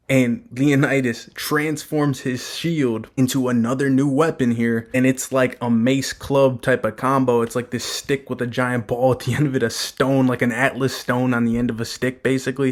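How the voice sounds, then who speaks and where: A man at an ordinary mid-range pitch, recapping a manga chapter in a loose commentary style. He sounds hyped and swears freely. He drops slang and "bro" all through his talk. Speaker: manga breakdown host.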